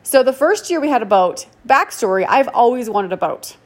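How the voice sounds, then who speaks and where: Woman in her forties, casual storytelling, chatty and self-deprecating, fairly high voice. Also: expressive, normal speed. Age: 40s. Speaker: podcast host.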